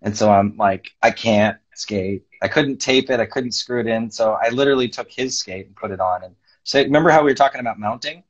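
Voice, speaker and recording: Husky-voiced man, lo-fi call audio. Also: mid-range voice, fairly quick, hardly any pauses. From North America. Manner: animated storyteller, acts out quoted voices. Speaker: skating judge and former pair skater. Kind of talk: casual interview chat.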